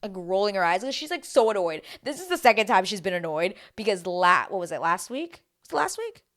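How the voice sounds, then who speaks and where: A woman hosting a reality TV recap, talking casually to a camera she filmed herself with, animated and swearing freely. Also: mid-range voice, fairly quick, faint music behind. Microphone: self-filmed camera.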